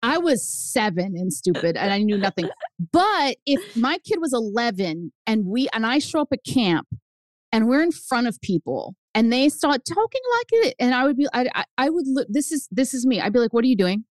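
A woman guest chatting on a podcast, her fairly high voice swooping up and down as she tells a story and acts out the people in it. She sounds close to the mic and dry, with no room around her. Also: sing-song, normal speed, dry recording. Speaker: guest author. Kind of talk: casual chat.

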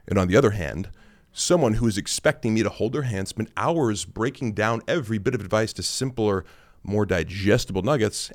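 A man around forty hosting a podcast, talking in a blunt, sarcastic and casual way, with offhand fillers. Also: lowish voice. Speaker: podcast host and lifting coach. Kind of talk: casual monologue.

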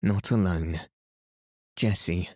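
A man's voice: low-pitched, takes it slowly, darkish tone, no room sound, studio quality. A man voicing an anxious, fussing vicar's wife in a bedtime storybook reading. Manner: pleading, clinging.

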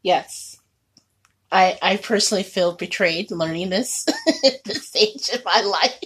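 A woman co-hosting a podcast in casual chat, laughing often and animated. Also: mid-range voice, breathy edge. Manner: laughs often, animated, quick bursts of surprise. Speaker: podcast co-host.

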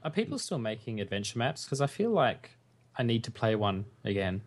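A man's voice: medium pitch, big pitch swings, brisk. A man on a podcast, chatting casually and with enthusiasm. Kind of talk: casual chat.

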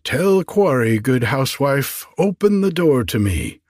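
A man's voice: mid-range voice, very animated, unhurried, a little mellow, no room sound, clean studio sound, pitched above the performer's own voice. A man voicing tiny fairy folk at a door, in a small, wee voice for a bedtime story. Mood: pleading.

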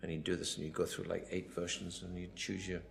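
A film director giving a rambling commentary, full of anecdotes, often quoting himself and others. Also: male voice, deep voice, flat delivery, brisk, vocal fry.

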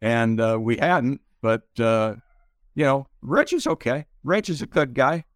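Slow-talking older man, smooth voice. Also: mid-range voice, lively intonation, no room sound, studio quality. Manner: halting, many pauses and fillers. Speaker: interview guest, retired pitcher. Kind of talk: slow reflective storytelling.

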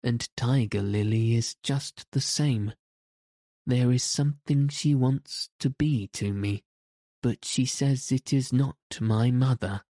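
A man's voice: mid-range voice, takes it slowly, warm tone, dry recording, clean studio sound. Peter Pan, a man reading as an anxious boy. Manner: boyish and uneasy.

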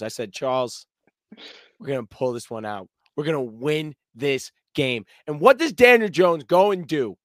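A man co-hosting a sports podcast in casual chat, animated and boisterous, swearing and acting out plays with sound effects. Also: on the high side, moderate pace, no room sound. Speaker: podcast co-host.

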